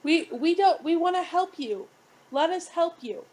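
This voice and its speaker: A woman playing a tabletop game, eager and quick to step in. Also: extremely high pitch, expressive, darkish tone. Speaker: player. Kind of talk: tabletop role-play.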